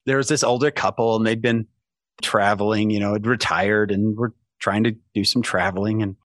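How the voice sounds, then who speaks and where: A man, a podcast guest, telling a self-mocking story in casual, animated talk with lots of "right?" asides. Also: fairly low pitch, normal speed, dry recording. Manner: many restarts and asides like "right?".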